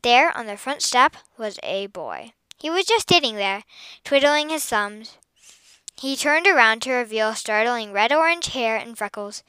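Bright, crisp woman reading aloud. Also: a little high, a little slow, no echo. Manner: expressive, lively storytelling. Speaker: storyteller. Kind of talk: reading a children's story aloud.

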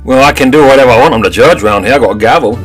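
A man's voice: medium pitch, racing, soft background music, close to an everyday voice. A man voicing a sassy female TV court judge in a comedic audio drama. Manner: sassy, calls everyone honey child.

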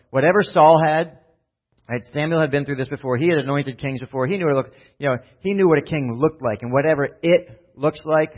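Male pastor, mid-pitched, conversational and animated, acts out scenes in voices; muffled lo-fi recording. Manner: animated, often asks "right?" and acts out Bible scenes in voices. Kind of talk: conversational sermon. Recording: dull lo-fi sound.

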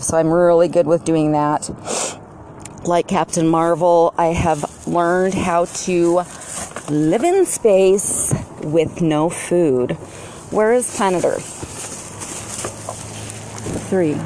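A woman talking to camera at home in a meandering way, with drawn-out words and many fillers. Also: lowish voice, noisy background. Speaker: vlogger. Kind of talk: rambling casual monologue. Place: at home, walking into her garage with dogs barking nearby.

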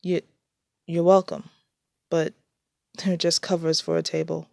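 A stern young man speaks in a curt and defiant way, pitched lower than a plain reading voice, as a woman reading the story puts him on. The sound is dry and close-miked. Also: level tone, a little slow, vocal fry, a little mellow, no echo.

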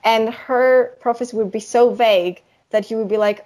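A young woman co-hosting a podcast, talking through ideas in a relaxed, explanatory way with lots of "you know". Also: on the high side, normal speed. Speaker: podcast co-host. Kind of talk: casual chat.

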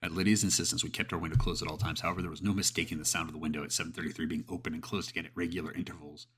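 A man narrating a scripted horror story in a steady storytelling manner, with some casual swearing. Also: sits low, very fast, a little hiss or hum.

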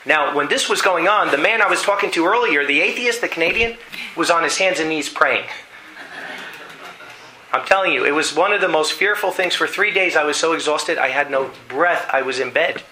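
A man preaches a sermon, telling a dramatic story and acting out voices as he goes. His voice is slightly high and very bright, with a cutting edge. Faint noise hangs in the background. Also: moderate pace, poor audio. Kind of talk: sermon with storytelling and scripture reading.

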